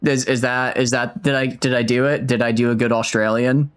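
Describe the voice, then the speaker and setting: Brisk and smooth, this man's medium-pitched voice barely moves in pitch. He's livestreaming a game with casual let's-play talk, meandering, self-deprecating and frequently starting over.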